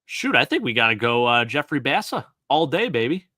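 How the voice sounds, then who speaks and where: A man from Western New York with a Buffalo accent, co-hosting a casual sports chat with eager, quick analysis. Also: medium pitch, sing-song, bright, forceful tone, dry recording, studio quality. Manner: enthusiastic, quick analytical talk with fillers. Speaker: co-host.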